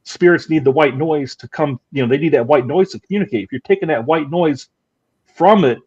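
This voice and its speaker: A man's voice: fairly high pitch, fairly quick, a little mellow, slightly rough. A man on a paranormal panel who explains his view with many stammered restarts. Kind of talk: casual panel chat. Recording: muffled lo-fi audio.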